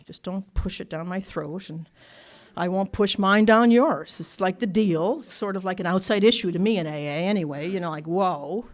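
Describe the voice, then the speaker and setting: A woman's voice: fairly low pitch, moderate pace. A woman from Ireland, speaking to a recovery meeting and telling her story bluntly and candidly, with frequent laughter. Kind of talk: personal recovery talk to an audience. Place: workshop meeting room.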